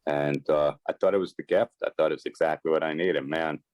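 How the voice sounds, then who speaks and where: A man's voice: very deep voice, fairly even intonation, a little fast, no echo, highs cut off. A man, a podcast guest, earnestly telling a personal story in conversation, acting out quoted dialogue with emphasis. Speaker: podcast guest, sports and celebrity agent.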